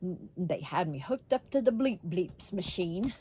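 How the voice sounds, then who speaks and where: A woman's voice: fairly low pitch, sing-song, a little slow, mellow, slightly rough. Blunt laughing woman telling a story. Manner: blunt, laughing, swears freely. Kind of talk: casual storytelling.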